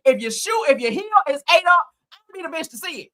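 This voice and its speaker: A woman on her own channel tearing into a reality show in a blunt, cursing, sarcastic rant. Her voice sits high and bright and swoops up and down as she goes off. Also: expressive, quick pace. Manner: blunt, profane, heated, sarcastic. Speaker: host. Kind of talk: ranting reality TV commentary.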